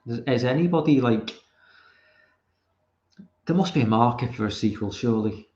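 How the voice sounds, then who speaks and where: A man's voice: medium pitch, moderate pace, a little mellow, reverberant, lo-fi sound. A man from Liverpool with a Liverpool accent, hosting a casual live commentary stream and rambling with plenty of swearing. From Liverpool, England.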